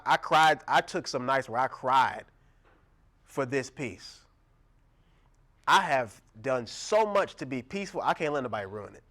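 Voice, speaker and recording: Young pastor preaching, kinda high voice, laughs a lot, acts out the voices. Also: male voice, fairly bright tone. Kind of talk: sermon.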